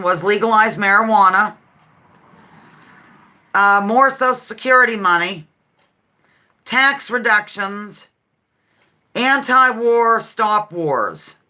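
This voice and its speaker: A woman's voice: mid-range voice, pushed and bright. A woman hosting a casual live-stream game, chatting and reading out viewers' answers with frequent giggles. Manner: chatty, giggly, reads viewer comments aloud. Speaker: livestream host.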